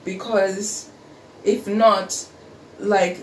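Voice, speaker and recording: A woman's voice: mid-range voice, little pitch movement. Nigerian-accented woman in an echoey room. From Australia. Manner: halting, many restarts and fillers. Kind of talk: casual conversation. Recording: roomy echo, distant mic, faint noise.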